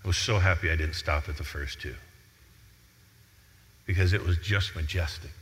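A pastor preaching an animated sermon and reading scripture aloud. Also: male voice, sits low, normal speed, big-room sound.

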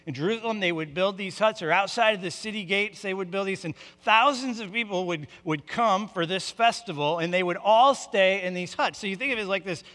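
Male pastor, conversational sermon, bright tone, long hall reverb. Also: high-pitched, brisk, few pauses. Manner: conversational teaching with restarts.

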